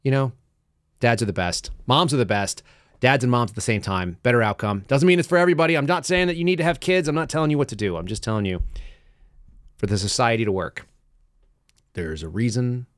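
A man hosting his podcast, talking fast and casually and laughing now and then at his own stories. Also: medium pitch, no echo, studio quality. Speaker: podcast host. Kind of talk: casual talk show monologue. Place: studio.

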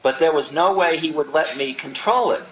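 A man in his forties tells a spiritual story with lively, acted-out voices. The old tape sounds roomy and dull, with a faint hiss behind him. His voice sits at a middle pitch. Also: moderate pace. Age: 40s. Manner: animated storytelling, acting out quoted voices. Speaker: spiritual teacher. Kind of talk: storytelling talk.

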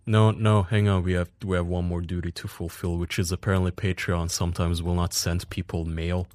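A man with a very deep voice banters on a podcast and tosses in silly jokes. His voice is recorded close and dry, with no room sound. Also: flat delivery, a little fast, darkish tone, no echo. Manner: joking, goofy asides. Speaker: podcast co-host. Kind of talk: casual chat.

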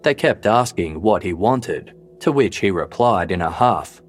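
A man with a very low voice narrates a true-crime story in a measured, even, scripted delivery. Soft music plays quietly underneath him. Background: faint background music.

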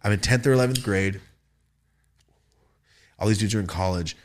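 A young man hosting a podcast, telling party stories in casual, profane, animated style. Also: on the low side, moderate pace, slight background noise. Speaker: podcast host. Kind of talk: casual storytelling.

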